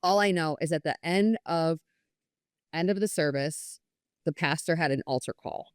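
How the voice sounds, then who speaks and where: Earnest woman, lowish voice, dry sound. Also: moderate pace, smooth, dry recording. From New York. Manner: earnest, candid storytelling with frequent "I was like" and quoted dialogue. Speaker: podcast guest. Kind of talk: personal testimony in conversation.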